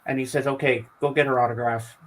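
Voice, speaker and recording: Man telling animated stories. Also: mid-range voice, fast, rough recording. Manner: animated storyteller who acts out quoted speech. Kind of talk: casual chat on a video call. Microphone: headset.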